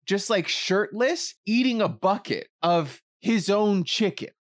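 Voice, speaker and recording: A man co-hosting a casual podcast, rambling and animated, swearing and acting out quoted lines. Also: high voice, measured pace, no echo, studio quality. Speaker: podcast co-host.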